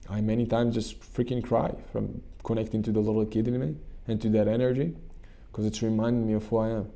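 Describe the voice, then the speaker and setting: Male coach, dark mellow voice, gravelly, earnest guided-meditation talk. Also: on the low side, level tone. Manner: earnest, repetitive, halting restarts. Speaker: channel host and coach.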